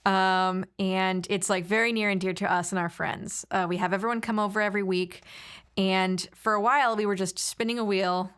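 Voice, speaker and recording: A woman's voice: mid-range voice, fairly bright tone. A woman guesting on a podcast, chatting casually and rambling a little as she tells stories. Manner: chatty, rambling with fillers and laughs. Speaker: podcast guest, actor and filmmaker. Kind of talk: casual chat.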